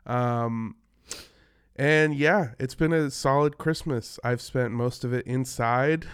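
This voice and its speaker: A podcast host, a man sick with a cough, talks in a loose, rambling, self-mocking chat with plenty of swearing. His voice is smooth and clean at an ordinary pitch, and it is recorded close and dry with no room sound. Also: takes it slowly, no echo.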